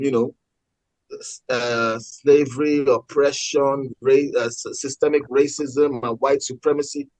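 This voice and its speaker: A man talking passionately in a casual political discussion, with many halting restarts. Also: medium pitch, darkish tone, no echo, poor audio. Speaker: podcast co-host.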